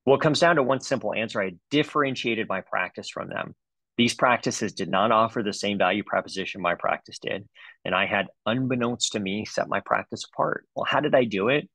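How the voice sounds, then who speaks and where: A man's voice: fairly low pitch, brisk, a bit bright, no echo, rough recording. A man in his forties, a dentist, giving a comedic webinar talk with playful, exaggerated storytelling. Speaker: dentist presenter.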